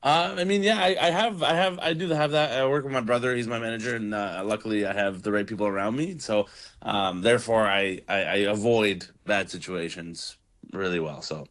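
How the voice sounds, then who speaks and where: Young comedian man from Toronto, low voice, relaxed, lots of ums. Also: a little fast. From Toronto, Canada. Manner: relaxed, rambling with fillers. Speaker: comedian guest. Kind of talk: casual radio interview.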